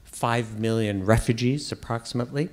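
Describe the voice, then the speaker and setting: A man's voice: mid-range voice, steady tone, moderate pace. A man, a former ambassador, making his case in a public debate and repeating key points for emphasis.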